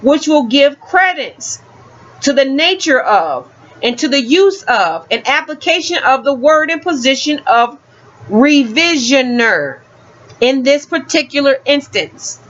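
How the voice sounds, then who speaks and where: High-voiced emphatic woman, lo-fi sound. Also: very animated, a little slow, a bit bright. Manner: preachy, emphatic, street-talking. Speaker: community educator reading law texts. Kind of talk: casual teaching monologue. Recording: dull lo-fi sound.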